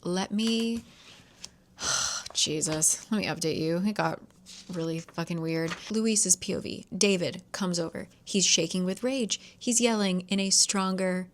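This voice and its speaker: A woman's voice: on the low side, a little slow, a little hiss or hum. A young woman recapping a thriller in a casual vlog, chatty and swearing lightly as she goes. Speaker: book vlogger. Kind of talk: casual reading vlog with read-aloud passages.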